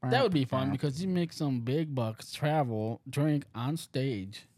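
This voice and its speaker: On a casual podcast, a male co-host chats, jokes around, and laughs a lot. His mid-range voice is darkish and unhurried, recorded with no room sound.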